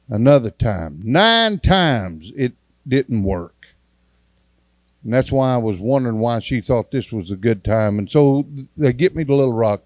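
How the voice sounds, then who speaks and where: A man's voice: mid-range voice, no room sound. A man, an evangelist giving a testimony sermon in a church and acting out the dialogue in his story in a folksy way.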